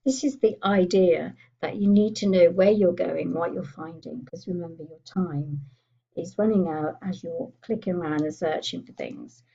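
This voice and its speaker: A woman giving a chatty software tutorial, thinking aloud as she clicks through menus. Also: lowish voice, normal speed, gravelly, breathy edge, lo-fi sound. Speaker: computer skills tutor. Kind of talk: screen-recorded software tutorial.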